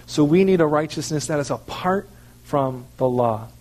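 A pastor with a slightly high, darkish, expressive voice preaches a sermon at normal speed. He explains scripture in an earnest, teaching way, checking in with listeners through frequent "okay"s.

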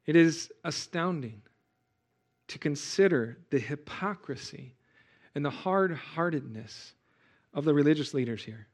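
High-voiced man preaching earnestly. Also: expressive, a little slow. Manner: earnest, exhorting, rising to loud emphasis. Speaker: pastor. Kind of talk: sermon.

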